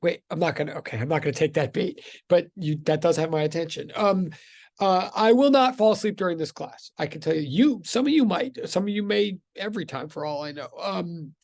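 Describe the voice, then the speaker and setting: A man's voice: high-pitched, brisk, creaky, a little mellow, no room sound. A man teaching a physics class over a video call, greeting students one by one in a rambling, self-interrupting way. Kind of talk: casual online class intro.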